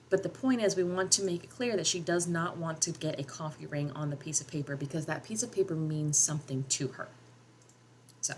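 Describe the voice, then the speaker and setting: A woman's voice: on the low side, a little hiss or hum. A woman with a Southern drawl casually explaining how she edits a short story, thinking aloud with frequent ums. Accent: Southern US, North Georgia Appalachian. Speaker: writer and editing teacher. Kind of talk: casual editing tutorial.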